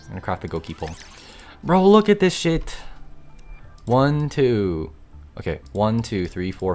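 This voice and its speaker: Excitable young man streaming, low-voiced. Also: gravelly. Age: young adult. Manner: excitable, grumbling, swears casually. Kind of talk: live gaming stream chatter.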